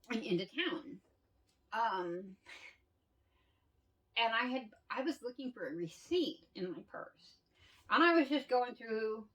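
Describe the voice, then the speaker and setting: A woman's voice: fairly high pitch, pushed and bright, recorded from a distance, poor audio. A woman telling stories in a candid casual monologue, swearing freely and laughing often. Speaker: vlogger.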